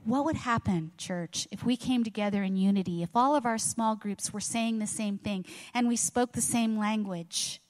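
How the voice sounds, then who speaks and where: A woman's voice: medium pitch, normal speed, few pauses. Woman pastor, middle-aged, earnest sermon delivery; church auditorium with long reverb. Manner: earnest preaching with rhetorical questions. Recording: long reverb of a large hall.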